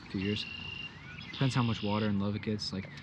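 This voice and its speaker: A man's voice: lowish voice, fairly even intonation, quick pace, a little hiss or hum. A man casually vlogging outdoors, chatty and joking as he explains planting trees. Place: outdoors in fields.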